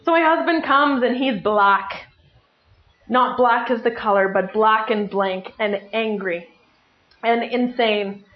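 At a slow pace and slightly high pitch, a middle-aged woman gives her testimony to a recovery meeting, teasing herself playfully and acting out what people told her. Dull lo-fi sound and an echoey room color the clip.

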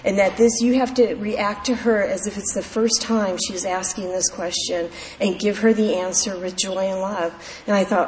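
A woman's voice: mid-range voice, moderate pace, few pauses. A woman candidly sharing her personal recovery story at a meeting, in a heartfelt storytelling manner. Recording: echoey hall with faint background noise.

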